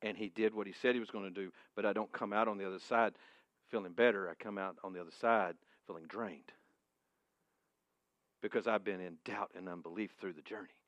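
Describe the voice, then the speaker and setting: Bright, emphatic man preaching a sermon. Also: steady tone, a little fast, no echo, lo-fi sound. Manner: emphatic, swinging between booming and hushed. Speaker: pastor. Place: church room with a congregation.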